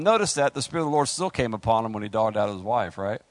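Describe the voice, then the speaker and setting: A man preaching and reading scripture, breaking into lively, joking asides to the congregation. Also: fairly low pitch, fast, hardly any pauses, no room sound. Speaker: preacher leading a Bible study.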